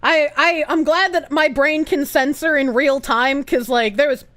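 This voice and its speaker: A woman streamer chatting casually and reading viewer comments aloud, giggly and animated, swearing freely. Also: high voice, measured pace. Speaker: live streamer.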